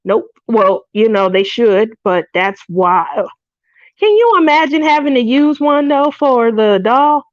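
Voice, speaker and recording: A woman's voice: a little high, measured pace, no echo. Middle-aged woman telling stories, laughing often. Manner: animated storytelling, laughs often. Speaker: craft livestream host. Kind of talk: casual livestream chat. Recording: dull dry lo-fi stream audio.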